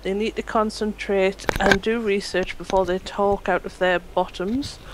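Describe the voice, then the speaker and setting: A woman's voice: medium pitch, fairly even intonation, measured pace, heavy background noise. A woman on a live panel show reading viewer comments aloud in a matter-of-fact, lightly amused way. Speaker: chat reader.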